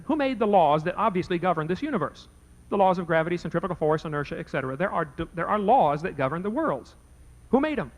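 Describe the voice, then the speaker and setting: A man's voice: sits high, animated, fast talker, poor audio. A man debating before a live audience, telling a folksy story and acting out both sides of a conversation. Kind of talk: anecdote told to a live audience.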